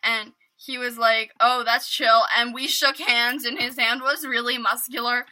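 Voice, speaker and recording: A woman's voice: fairly high pitch, level tone, moderate pace, bright, forceful tone. A young woman from New York state telling a rambling storytime vlog, full of "like" and mock-drama. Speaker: vlogger.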